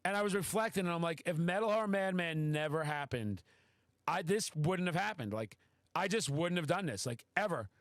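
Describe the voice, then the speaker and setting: A man hosting a podcast, telling a story in casual chat, excitable and swearing freely. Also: fairly high pitch, fairly quick, dry recording. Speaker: podcast host.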